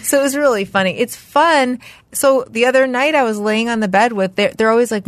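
A woman's voice: a little high, fairly quick, dry recording. A woman in her fifties co-hosting a podcast, chatting casually and acting out family dialogue as she tells stories. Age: 50s. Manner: animated storyteller, acts out family dialogue. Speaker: podcast co-host. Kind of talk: casual chat.

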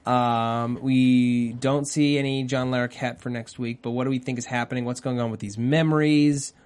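A man's voice: mid-range voice, fairly even intonation, moderate pace, darkish tone, clear, resonant tone. Male host, easygoing recap chat, jokey. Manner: joking, puts on goofy voices. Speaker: podcast host. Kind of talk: casual chat about a TV show.

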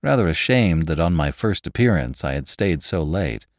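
A man narrating a classic novel in an expressive, measured reading. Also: sits low, dry recording, clean studio sound. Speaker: audiobook narrator.

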